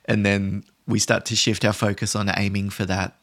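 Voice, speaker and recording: Man, podcast host, lowish voice, calm explanatory talk. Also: moderate pace, few pauses. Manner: calm, explanatory, conversational with many restarts. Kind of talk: instructional podcast monologue.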